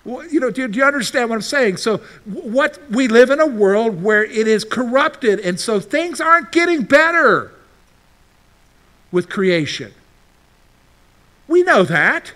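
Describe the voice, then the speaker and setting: High, lively male preacher. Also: measured pace. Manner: conversational, asks the congregation questions and answers them; plays out imagined listeners' replies. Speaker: pastor. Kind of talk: sermon.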